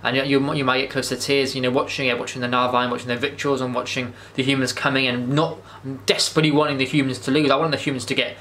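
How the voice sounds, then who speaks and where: A man's voice: medium pitch, level tone, fast talker, few pauses, bright, forceful tone, slight background noise. A man, rambling enthusiastically through a casual movie review monologue, with frequent restarts and swearing. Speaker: vlogger.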